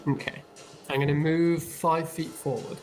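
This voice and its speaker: A man's voice: a little high, flat delivery, a little slow, soft background music. A man playing a tabletop game who describes his turn in a casual, light way. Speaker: player.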